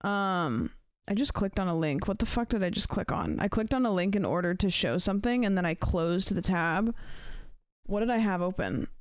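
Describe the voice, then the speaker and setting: A woman streamer chatting casually with her live viewers, rambling and thinking out loud with lots of fillers. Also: mid-range voice, lively intonation, normal speed, clear, resonant tone, no room sound. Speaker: livestreamer.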